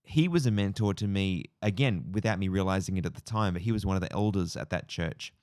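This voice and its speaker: A man in his forties with an Australian accent, talking casually and reflectively, with plenty of fillers and restarts. His voice sits a little low. It is recorded close and dry, with no room sound. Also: fairly quick, darkish tone, dry recording. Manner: rambling, reflective storytelling with many fillers. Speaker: podcast co-host. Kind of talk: casual chat.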